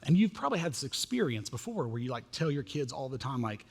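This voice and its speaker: A man in his thirties preaching a sermon as pastor, animated and self-mocking as he tells family stories. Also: mid-range voice, fast talker, breathy edge. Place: church sanctuary. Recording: long reverb of a church hall.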